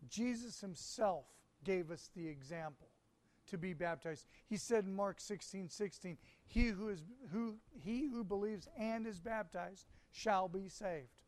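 Guy preaching a sermon, high voice, reads bible verses slow and deliberate. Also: darkish tone. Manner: reads scripture aloud.

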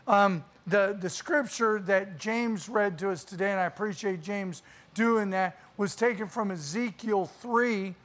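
A preacher delivering a sermon in church, telling a story with dramatic pauses and reading scripture aloud. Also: medium pitch, a bit bright.

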